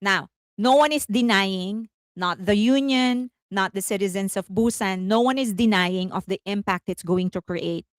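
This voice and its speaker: A woman's voice: mid-range voice, normal speed, few pauses, no echo. Chatty woman with a dry sound. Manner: chatty, giggles often, corrects herself mid-sentence. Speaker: host. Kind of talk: casual commentary.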